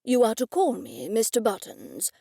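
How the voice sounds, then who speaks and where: A woman's voice: a little high, sing-song, moderate pace, dark tone, no room sound, studio quality. Woman putting on a haughty sarcastic earl. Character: pompous sarcastic older male earl.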